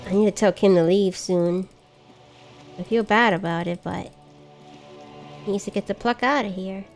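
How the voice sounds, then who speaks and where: With soft music playing in the background, a woman speaks at medium pitch and a moderate pace while streaming a game live. Chatty and exclamatory, she pokes fun at herself whenever she gets lost.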